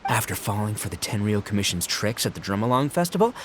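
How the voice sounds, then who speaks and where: A man's voice: lowish voice, big pitch swings, quick pace, a bit bright, a little hiss or hum. An actor playing a brash, boastful young male gang boss in a video game, boisterous and laughing, tripping over fillers. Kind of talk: game voice acting.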